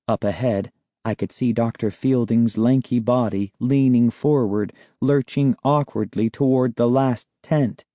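A man narrating a children's novel in a slow, measured storytelling manner. His voice is mellow and warm, recorded close and dry with no room sound. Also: mid-range voice, dry recording. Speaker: audiobook narrator. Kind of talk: scripted narration.

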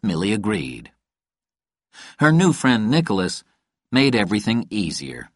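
A man reading a novel aloud in a calm, even storytelling manner. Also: fairly low pitch, measured pace, no room sound, studio quality. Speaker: audiobook narrator. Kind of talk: scripted narration.

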